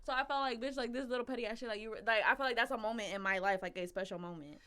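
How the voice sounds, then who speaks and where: Young woman podcast cohost, high bright voice, animated storytelling, swears a lot. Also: very fast. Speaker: podcast co-host. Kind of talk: casual chat.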